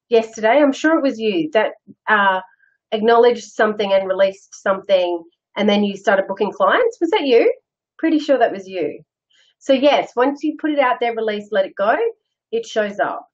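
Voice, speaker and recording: A woman's voice: on the high side, sing-song, normal speed, dull audio. A middle-aged woman hosting a casual live chat, answering viewer comments in a candid, self-deprecating way and laughing often. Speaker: host.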